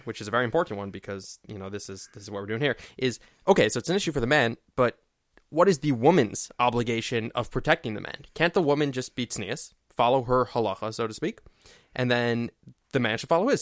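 Quick-talking man co-hosting a podcast, dry close mic. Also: mid-range voice, lively intonation, no room sound. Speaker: podcast co-host. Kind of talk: casual religious discussion podcast.

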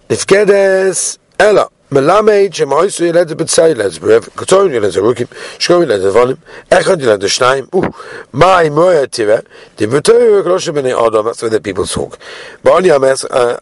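A man giving a daily Talmud class, animated, mixing Hebrew phrases into English and asking rhetorical questions. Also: mid-range voice, a little fast, no room sound. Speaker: Talmud teacher.

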